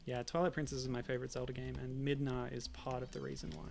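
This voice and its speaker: Gravelly man chatting over a game. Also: medium pitch, flat delivery, fast talker, darkish tone, slight background noise. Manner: rambling, self-deprecating. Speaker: streamer. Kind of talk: casual let's-play chat.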